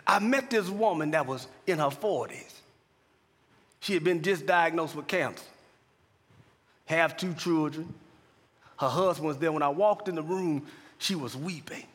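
Shouting preacher with a bright, husky voice. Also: male voice, fairly high pitch, a little slow, long pauses. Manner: call-and-response preaching, building to shouted climaxes. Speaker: pastor and chaplain. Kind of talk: sermon. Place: large church hall. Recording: long hall reverb.

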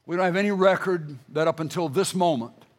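A middle-aged man preaching a sermon, emphatic, rising to loud bursts and then dropping low and quiet when he reads scripture. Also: brisk.

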